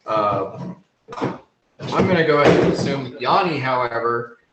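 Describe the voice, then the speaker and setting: Unhurried male game master, slow and meandering, echoey room with faint noise. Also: medium pitch, expressive. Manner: unhurried, full of ums and you-knows. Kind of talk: improvised tabletop game narration.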